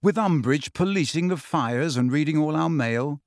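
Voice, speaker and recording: Guy voicing a moody teen boy, gruff and short, dry sound. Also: on the high side, lively intonation, moderate pace, dry recording. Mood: gloomy. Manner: gruff, curt. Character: brooding teenage schoolboy, gloomy.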